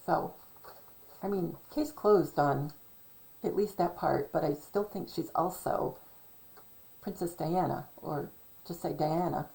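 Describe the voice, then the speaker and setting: A middle-aged woman rambling through a casual monologue with a gravelly, fry-laden voice. She speaks slowly and hesitantly, with lots of ums and self-corrections. Her tone is dark and mellow, and slightly hoarse as if losing her voice. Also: low voice, poor audio. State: losing her voice, clearing throat. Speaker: channel host.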